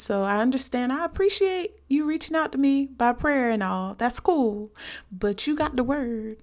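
Woman with a gravelly, creaky voice. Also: sits high, expressive, moderate pace, darkish tone. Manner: earnest, conversational, addresses listeners directly. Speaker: faith podcast host. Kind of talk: casual devotional podcast talk.

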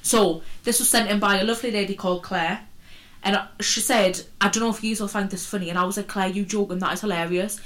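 A woman's voice: mid-range voice, steady tone, fast talker, a bit bright. A woman in her twenties co-hosting a podcast, chatting casually with a teasing, laughing manner. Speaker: podcast co-host. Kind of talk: casual chat.

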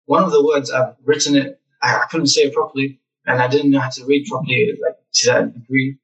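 A young man telling lively stories about his childhood as a guest in a casual interview. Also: medium pitch, fairly quick, distant mic, highs cut off. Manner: animated, acts out childhood memories.

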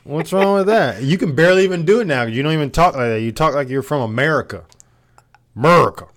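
A man's voice: fairly high pitch, rapid-fire, a bit bright. Rambling young man podcast co-host. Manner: rambling, filler-heavy, teasing. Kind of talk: casual advice chat.

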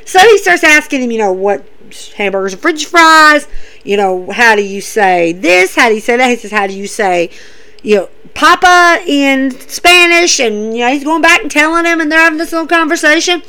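A woman's voice: high-pitched, expressive, fairly quick, bright, forceful tone, low-quality recording. A young woman enthusiastically retelling wrestling events in a casual, chatty recap.

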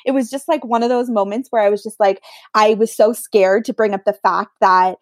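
Woman, medium, casual storytelling, animated, dry close sound. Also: medium pitch, brisk, no echo. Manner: animated, acts out quoted voices. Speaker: medium, guest.

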